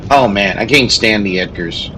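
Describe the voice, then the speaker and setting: A man's voice: lowish voice, normal speed, sharp tone, slight background noise, low-quality recording. A man, a streamer who also teaches, chatting casually while he plays a strategy game, telling a story in a rambling way with many restarts.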